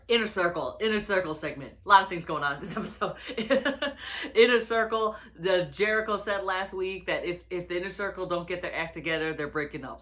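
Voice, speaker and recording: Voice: medium pitch, pushed and bright. A reviewer giving a casual recap of a wrestling episode, rambling with lots of fillers and restarts, and chuckling often.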